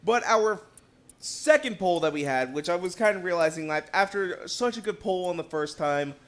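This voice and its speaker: A young man hosting a racing game let's play, chatting casually and excitably, jumping between loud outbursts and quiet asides. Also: high-pitched, normal speed. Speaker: gaming video host.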